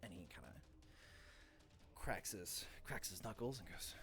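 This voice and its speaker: A man's voice: deep voice, sing-song, measured pace, a bit bright, soft background music. A man narrating a tabletop game as game master in a loose, rambling way.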